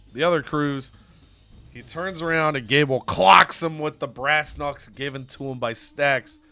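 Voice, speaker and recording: A man telling the story of a wrestling game season in a casual, animated way, jumping into the action. His voice is bright and a bit high. Soft music plays faintly underneath. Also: no room sound. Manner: animated, playful recap.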